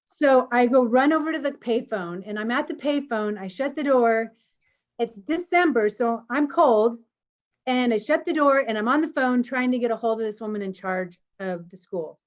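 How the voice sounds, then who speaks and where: A woman co-hosting an online meeting, telling a personal story in an animated way and laughing as she goes. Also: fairly high pitch, normal speed. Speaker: co-host of an online community meeting. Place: home, on a video call. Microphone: video call. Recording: slightly dull video call audio.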